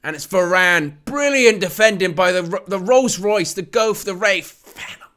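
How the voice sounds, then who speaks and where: High bright voice, guy calling a football match live for viewers, jokey and excitable, laughs a lot. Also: normal speed. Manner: excitable, jokey, laughs often, rises to shouts at near-misses. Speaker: host of a live match watch-along. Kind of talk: live play-by-play commentary and chat.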